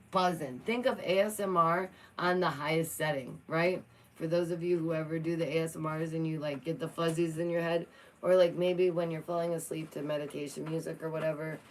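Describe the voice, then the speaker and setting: A woman's voice: low-pitched, a little mellow, a little hiss or hum, low-quality recording. A young woman vlogging, reading science news aloud and joking with her cat in a playful, chatty way. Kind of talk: casual chat reacting to news.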